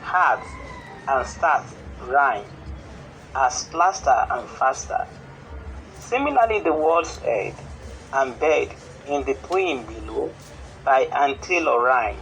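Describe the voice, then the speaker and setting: A man with a Nigerian English accent teaching a school lesson on poetry in a steady, explanatory way. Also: mid-range voice, slow pace, soft background music, rough recording. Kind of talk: classroom lesson on television.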